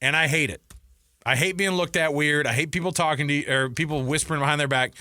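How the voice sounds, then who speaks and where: A sports radio co-host, a man with a fairly high, bright voice, talks in an animated, laughing way. His delivery swoops up and down as he tells stories, close on a dry studio mic. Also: fast talker, dry recording. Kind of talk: casual sports talk chat.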